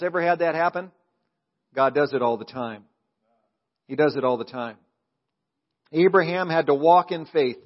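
A man preaching a sermon as pastor, emphatic, calling the congregation to answer back and dropping into quiet asides. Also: on the high side, lo-fi sound. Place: church sanctuary.

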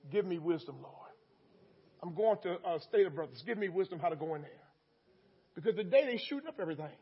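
A man's voice: high voice, animated, fairly quick, husky, highs cut off. A man preaching a sermon in a call-and-response style, repeating lines with rising emphasis.

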